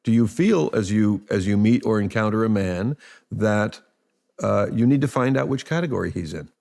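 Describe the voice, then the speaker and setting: A male author interviews his guest and explains his ideas in a calm, measured way. His voice is low with a gravelly texture. He speaks reflectively.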